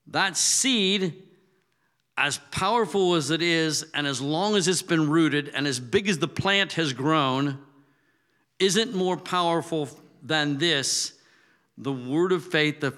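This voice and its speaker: A man's voice: fairly high pitch, sharp tone. A man preaching a sermon in a casual, conversational way that builds to emphatic, raised peaks. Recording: long hall reverb.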